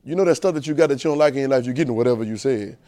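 This preacher races through his sermon in a medium-pitched voice, hammering his points with emphasis and repetition. Shouts give way to quiet asides, and he keeps asking the congregation rhetorical questions in everyday speech.

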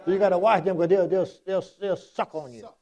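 A man's voice: high-pitched, a little fast, warm tone, muffled recording. A man preaching a sermon in a folksy, repetitive, emphatic way, quoting Scripture.

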